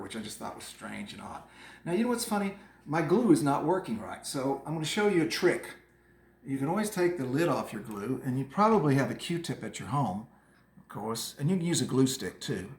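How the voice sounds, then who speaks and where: Chatty gravelly man teaching kids art. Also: mid-range voice, roomy sound. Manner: chatty, animated, talks kids through each step. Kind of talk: casual art lesson demonstration for kids.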